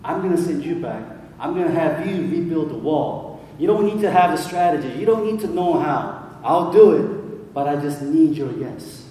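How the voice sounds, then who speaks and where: Give me God speaking calm and commanding, a man doing it, low and earnest, heard from far off in a long-reverb hall. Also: moderate pace, a little hiss or hum, close to an everyday voice. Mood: solemn.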